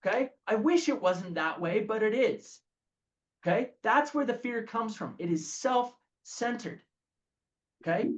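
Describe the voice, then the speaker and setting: A man leading a recovery group study in a lively talk, often checking in with "okay?". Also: sits high, measured pace, muffled recording. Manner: animated, says "okay?" often.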